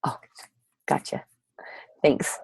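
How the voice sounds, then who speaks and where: A woman's voice: very slow, no echo, whispered, poor audio. A woman leading a team training over a video call, upbeat and motivational, who keeps saying "you guys" and "seriously".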